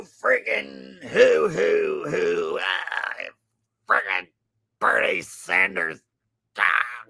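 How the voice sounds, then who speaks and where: A man putting on a bombastic male conspiracy broadcaster, ranting over the top and swinging between shouting and near-whispering. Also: fairly high pitch, vocal fry, husky, heavily acted. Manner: over-the-top shouting rant, sudden swings loud to soft.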